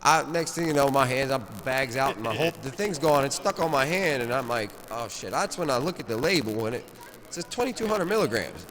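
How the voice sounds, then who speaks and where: A man telling a long, profane story in a rambling, animated way, often laughing at himself. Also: medium pitch, brisk. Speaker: storyteller at a cannabis rally. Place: large stone rotunda, indoors. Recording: echoey rotunda with crowd.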